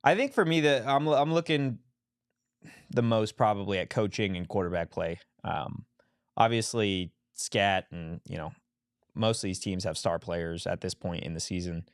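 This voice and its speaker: A man co-hosting a live sports watch-along, giving relaxed game analysis in casual chat and reading chat questions aloud. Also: low voice, normal speed, smooth, dry recording, studio quality. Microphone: mic set low, sometimes far from mouth.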